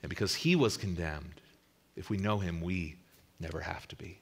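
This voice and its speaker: This male pastor's sermon swells into loud emphasis and then sinks to a quiet finish, with occasional repeated words when he starts over. His voice is low-pitched with a breathy edge, at normal speed.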